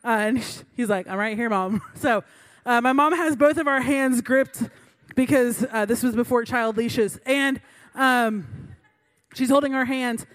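Speaking in a slightly high voice without hurrying, a young adult woman preaches. She shares a funny personal tale in a chatty, self-deprecating way and laughs between her lines.

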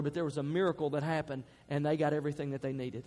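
Pastor guy preaching, voice on the high side, swells loud then goes soft, big echoey hall. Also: steady tone, rapid-fire, few pauses. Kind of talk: sermon. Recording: long hall reverb.

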